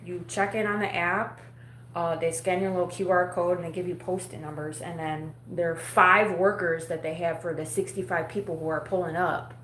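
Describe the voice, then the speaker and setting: A woman rambles bluntly to her live-stream viewers, cursing freely. Her voice sits a little low, and the room around her is echoey, with a faint hum behind it. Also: fairly even intonation, normal speed, fairly bright tone. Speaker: vlogger talking to a live audience. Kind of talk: casual live-stream chat. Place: home at night.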